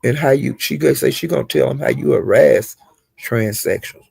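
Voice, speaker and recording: A man giving a casual, rambling gossip recap of livestreams, with animated retelling and frequent asides. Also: mid-range voice, normal speed, gravelly, slightly rough, dry recording.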